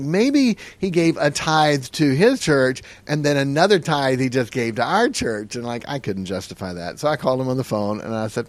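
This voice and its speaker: A middle-aged man, a pastor, telling stories on a podcast and acting out the dialogue with a lively, laughing delivery. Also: a little high. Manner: animated storyteller who acts out dialogue and laughs often.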